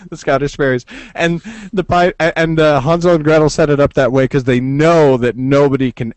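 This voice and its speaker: A man's voice: on the high side, fairly quick, smooth, dry recording. A man hosting a podcast, brainstorming a story in casual chat, laughing often and cursing freely. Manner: animated, laughs often, cusses. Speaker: podcast host, co-writer.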